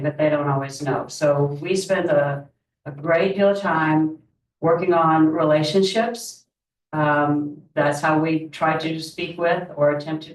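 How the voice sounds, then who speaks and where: A middle-aged woman, a real estate agent, telling a rambling story at a team meeting with lots of restarts. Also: low-pitched. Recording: roomy, distant mic.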